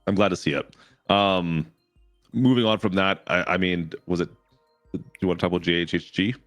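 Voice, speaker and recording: A man co-hosting a casual gaming podcast, relaxed, agreeable and teasing. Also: low-pitched, fairly quick, dry recording, soft background music. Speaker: podcast co-host.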